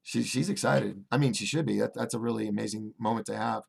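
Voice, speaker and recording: A man hosting a casual livestream, reading viewer chat aloud and rambling through restarts and fillers, swinging between excited bursts and low asides. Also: fast talker, vocal fry, slightly rough. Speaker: host of a call-in livestream show.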